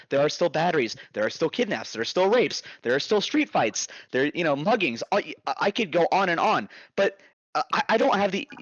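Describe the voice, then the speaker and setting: A man's voice: on the high side, fairly bright tone, no echo, muffled recording. A man hosting a casual podcast chat, talking in a rambling, profane way with many restarts. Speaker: podcast host.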